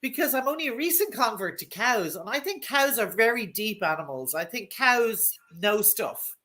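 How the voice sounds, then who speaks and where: Chatty irish woman hosting a podcast, bright voice, laughs a lot. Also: fairly high pitch, lively intonation, moderate pace. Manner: chatty and laughing, shouts when acting things out. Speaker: podcast host. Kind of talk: casual chat.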